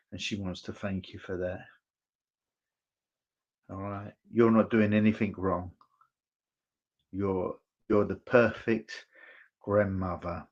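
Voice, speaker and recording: A deep-voiced man works as a medium in an online church service, passing on messages in a slow, unhurried way. He pauses often and keeps checking in with his listener in a gentle, reassuring tone. The sound is dull and lo-fi, like an online stream. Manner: halting and hesitant, checking in with "okay?". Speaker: spiritualist medium.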